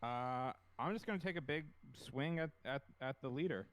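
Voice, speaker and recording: A man's voice: mid-range voice, moderate pace, fairly bright tone, clean tone, no echo. A man playing a tabletop game, talking casually, with hesitant stammers and a playful tone. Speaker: player. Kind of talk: casual tabletop gaming chat.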